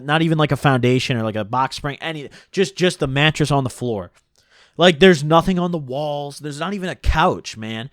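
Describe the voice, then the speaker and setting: A young man casually telling a long story, rambling and animated, full of "like" and "dude". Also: a little high, no room sound, clean studio sound.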